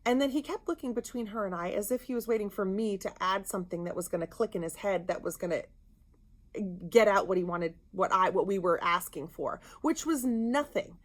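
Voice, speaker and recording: A woman co-hosting a podcast, telling a story in casual chat, animated and indignant. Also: mid-range voice, fairly quick. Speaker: podcast co-host.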